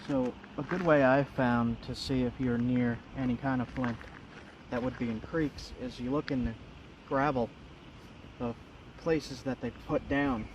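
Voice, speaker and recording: A man from Long Island hosting an outdoor exploring vlog by a creek in the woods. He talks to his viewers in an excitable way and laughs often. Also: medium pitch, unhurried, highs cut off. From Long Island, New York. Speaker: host. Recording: outdoor noise behind.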